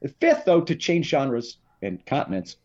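A man's voice: medium pitch, normal speed, muffled recording. A man from Texas, a political commentator, talking as a podcast guest in an emphatic, joking storytelling manner. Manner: animated storyteller, emphatic and jokey. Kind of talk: podcast interview chat.

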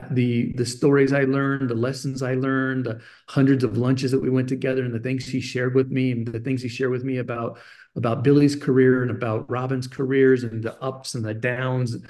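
Animated storytelling man in his forties. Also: medium pitch. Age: 40s. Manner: animated anecdote teller, acts out dialogue. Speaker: guest. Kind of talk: conversational storytelling.

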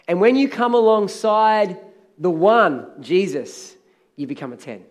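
Emphatic high-voiced male preacher. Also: very animated, measured pace. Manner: emphatic, repeats phrases, asks the congregation for amens. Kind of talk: sermon. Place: church hall.

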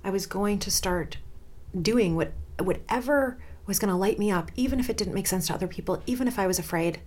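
A woman in her forties hosting a podcast, telling a personal story in a dramatic, expressive way. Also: mid-range voice, brisk. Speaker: podcast host.

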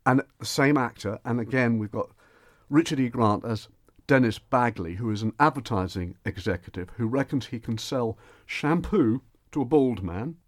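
A man chatting enthusiastically on radio as a film reviewer, animated and prone to quick restarts. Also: medium pitch, no echo, clean studio sound. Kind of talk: radio chat.

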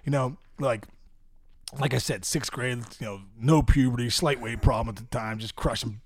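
A middle-aged man from Pittsburgh, a podcast guest telling a comic story in an animated way with lots of laughs. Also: medium pitch, normal speed, no room sound. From Pittsburgh area, US. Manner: animated, laughs often, acts out voices of people in his stories.

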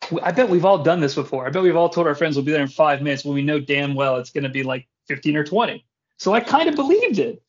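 A man hosting a casual podcast, recapping wrestling in an animated, joking way with casual swearing. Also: fairly high pitch, quick pace. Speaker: podcast host. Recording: dull lo-fi podcast audio.

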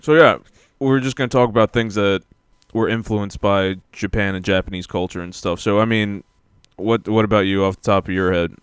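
A man's voice: fairly low pitch, fairly even intonation, normal speed, hardly any pauses, clear, resonant tone, no echo, clean studio sound. Joking laid-back male podcast host. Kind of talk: casual chat.

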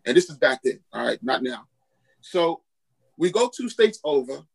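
Husky-voiced pastor telling a story. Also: male voice, on the high side, moderate pace, low-quality recording. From Queens, New York. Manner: animated storyteller acting out quoted dialogue. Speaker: pastor and podcast guest. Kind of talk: storytelling testimony in a podcast interview.

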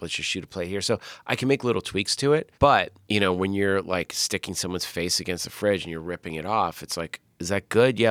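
Middle-aged guy, really low voice, swears a lot, acts out the quotes, dry close sound. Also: dry recording. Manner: animated storyteller, swears often, acts out quotes. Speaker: film director. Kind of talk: casual interview talk.

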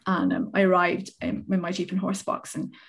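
A woman's voice: fairly low pitch, sing-song, moderate pace, vocal fry, slightly rough. An Irish woman telling a self-mocking story in casual podcast chat, laughing often as she talks. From Ireland. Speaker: horse rider.

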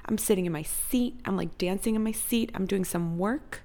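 Young woman vlogger with vocal fry, chatty and theatrical, casual storytime. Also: medium pitch, moderate pace, mellow. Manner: chatty and dramatic, heavy use of "like".

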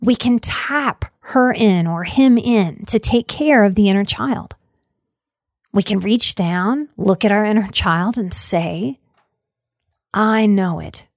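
Calm woman podcast host, dry sound. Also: mid-range voice, takes it slowly, dry recording. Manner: calm, encouraging, repeats phrases in lists. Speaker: podcast host and mental health speaker. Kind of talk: reflective podcast talk on self-help quotes.

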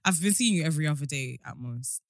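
A young woman co-hosting a casual chat podcast, playful and quick to laugh. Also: sits low, no echo, studio quality. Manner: lively, laughs often, playful. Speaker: podcast co-host.

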